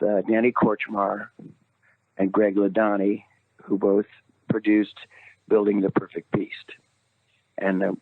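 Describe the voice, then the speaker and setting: An older man, a singer calling in as a guest, telling a story in an animated way, laughing often and jumping up high when he quotes himself. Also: dry recording. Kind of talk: casual phone interview storytelling. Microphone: phone call. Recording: tinny phone line, dry.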